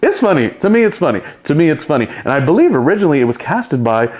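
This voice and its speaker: A man's voice: on the high side, big pitch swings, fast talker, a little mellow. A man hosting a solo podcast, talking in a chatty, rambling way and laughing often. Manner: chatty and rambling, with playful impressions and frequent laughs. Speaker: podcast host. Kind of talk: casual solo commentary.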